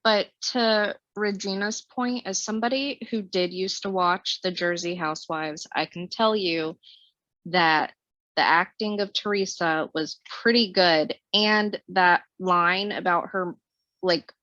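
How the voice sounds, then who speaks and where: A woman's voice: fairly low pitch, unhurried, a bit bright, no echo, lo-fi sound. A woman co-hosting a podcast, chatting casually and emphatically. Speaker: podcast co-host. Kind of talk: casual chat.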